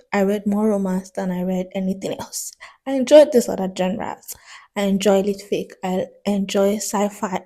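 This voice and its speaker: Chatty young woman with a mellow voice. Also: mid-range voice. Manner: chatty, thoughtful, laughs between points. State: sick, a bit congested. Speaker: book vlogger. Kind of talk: casual vlog commentary.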